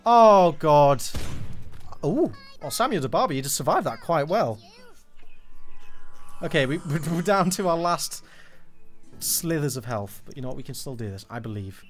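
A man's voice: a little high, big pitch swings, normal speed, long pauses, faint music behind. A man giving a live, joking, swear-filled running commentary as he streams a game.

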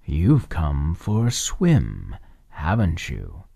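A man plays a deep-voiced, sly frog tailor in a hushed whispered role-play. He coaxes slowly in a dark, husky tone, very close and dry. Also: wildly swooping pitch, no room sound, heavily acted. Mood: coaxing. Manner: coaxing, slow and drawn out. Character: big-mouthed male frog tailor, sly and jolly.

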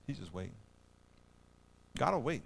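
Animated, folksy middle-aged pastor preaching. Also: male voice, mid-range voice, moderate pace, gravelly, breathy edge. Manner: animated, folksy, storytelling, often loud and emphatic. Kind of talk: sermon. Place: church auditorium.

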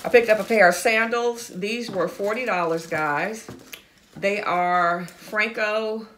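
A woman's voice: mid-range voice, slow pace, a bit bright, a little hiss or hum. A middle-aged woman chatting casually to her viewers about a shopping haul, enthusiastic and talkative, calling them y'all and guys. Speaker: fashion vlogger. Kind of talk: casual haul video chat.

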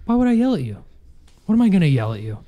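A man's voice: high voice, very animated, fast talker, mellow. A man co-hosting a podcast in casual chat, blunt and exasperated, swearing often. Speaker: podcast co-host.

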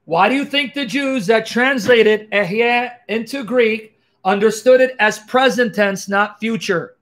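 Emphatic high-voiced man teaching scripture. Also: unhurried, fairly bright tone. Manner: emphatic, rhetorical questions, exclaims "Bam!". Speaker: Christian apologist. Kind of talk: animated teaching monologue.

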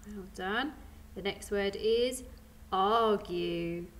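Speaking very slowly in a mid-range voice, a British primary school teacher gives young children a phonics lesson. She patiently sounds out each word letter by letter.

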